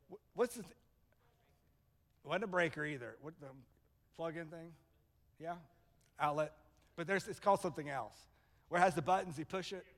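A male pastor preaching a sermon, telling stories with animation and acting out the voices of the people in them. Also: high-pitched. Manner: animated storytelling, acts out voices. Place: church sanctuary. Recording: long hall reverb.

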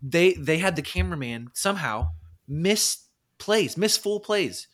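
A man co-hosting a sports podcast, complaining wryly in relaxed casual chat. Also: on the high side, a little slow. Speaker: podcast co-host.

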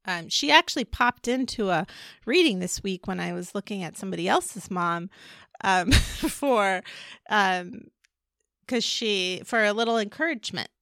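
A woman's voice: medium pitch, expressive, unhurried, a bit bright, no echo, clean studio sound. A middle-aged woman co-hosting a podcast in casual chat, chatty and playful, laughing often. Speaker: podcast co-host and energy reader.

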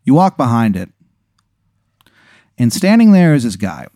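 A man co-hosting a comedy podcast, telling an improvised story in a deadpan way. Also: mid-range voice, a little slow, no room sound, studio quality. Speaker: podcast co-host.

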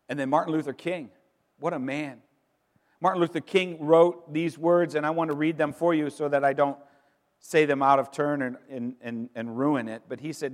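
A middle-aged man preaching an Easter sermon as pastor, emphatic, pausing for effect and repeating words as he builds. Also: fairly high pitch, fairly even intonation. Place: church sanctuary. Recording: long reverb in a large hall.

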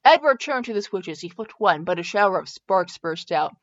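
A woman's voice: on the low side, lively intonation, normal speed. A woman reading a parody fan story aloud, amused, often correcting herself. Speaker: fanfiction reader. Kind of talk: amused casual read-aloud. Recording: dull lo-fi recording.

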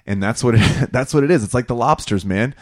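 A man talking in casual conversation, rambling and animated, with lots of filler phrases. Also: medium pitch, a little fast. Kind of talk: casual chat.

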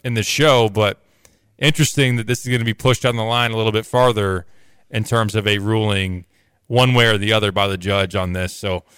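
Man, sports radio host, smooth crisp voice, even delivery, dry studio mic. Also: fairly low pitch, a little fast, no room sound. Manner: steady, conversational, sing-song show intro. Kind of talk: casual sports radio chat.

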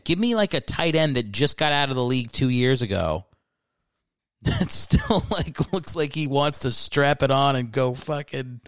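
A man's voice: mid-range voice, dry recording, studio quality. A man hosting his own podcast, ranting casually with profanity and self-mocking asides. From Philadelphia area. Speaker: podcast host. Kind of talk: casual solo podcast rant.

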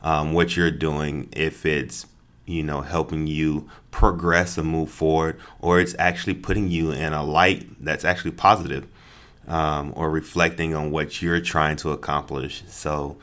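Very deep-voiced laid-back man. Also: measured pace. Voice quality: very deep, relaxed voice. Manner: laid-back, laughs often, affirms with yep and yeah. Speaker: podcast co-host. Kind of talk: casual chat.

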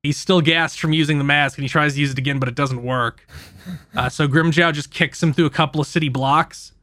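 A man hosting a podcast who casually recaps an anime, telling it in an animated, profane way. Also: fairly high pitch, a little fast, dry recording, clean studio sound. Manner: animated, profane storytelling with frequent laughs. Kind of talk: casual chat.

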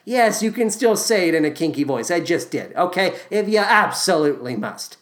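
A man's voice: on the high side, very animated, moderate pace, a bit bright. A man hosting a podcast, reviewing a musical score with wry, exasperated sarcasm. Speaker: podcast host. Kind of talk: scripted comedic review.

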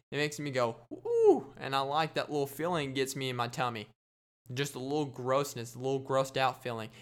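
A man's voice: a little high, a bit bright, clear, resonant tone. A young adult man hosting a solo comedy podcast, rambling and boasting with jokey gross-out banter. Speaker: podcast host.

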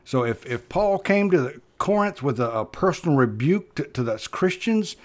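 A man preaching a sermon as pastor, talking earnestly, pressing points with sudden loud stresses and then dropping low and soft. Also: lively intonation, normal speed.

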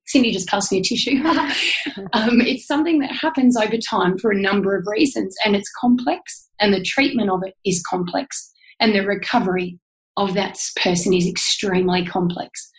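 In a rough recording, a woman with an Australian accent speaks as a guest in a candid podcast interview. Her pitch is medium and her pace moderate, and her delivery is earnest, heartfelt and emphatic.

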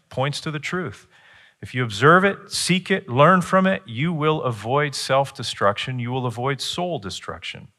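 An earnest middle-aged man teaches through a sermon, his voice lifting in pitch and volume each time he pushes a point.

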